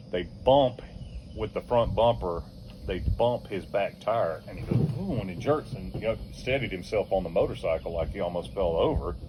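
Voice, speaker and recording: A man's voice: low-pitched, darkish tone, a little hiss or hum. An older man casually telling a rowdy anecdote, swearing freely, chuckling as he goes and acting out other people's voices. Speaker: storyteller.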